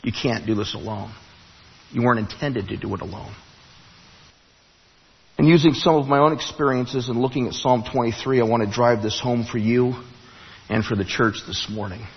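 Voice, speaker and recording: A man preaching to his congregation in a husky voice, telling a story with restarts that climb to emphatic peaks. The sound carries a long church-hall reverb, and the recording is dull and muffled. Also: mid-range voice, moderate pace, long pauses. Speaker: pastor. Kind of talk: sermon. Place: church sanctuary.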